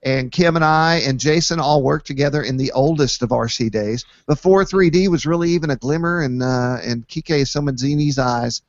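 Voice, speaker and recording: Male host, easygoing rambling banter, raised pitch; dry, muffled lo-fi sound. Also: moderate pace, few pauses, dry recording. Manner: joking, rambling, many fillers. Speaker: podcast host. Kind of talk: casual chat. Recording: dull lo-fi dry recording.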